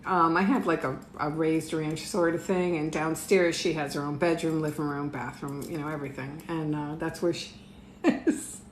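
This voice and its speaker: A middle-aged woman with a low voice, fairly even intonation and a moderate pace reads tarot live from a room at home. She keeps it casual, chatting with her viewers and laughing often, in an echoey space with faint noise.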